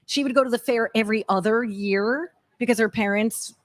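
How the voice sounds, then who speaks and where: A woman co-hosting a casual live radio chat at a state fair, upbeat, chatty and quick to laugh. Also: a little high, no room sound. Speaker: radio show co-host. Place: outdoors at a state fair stage.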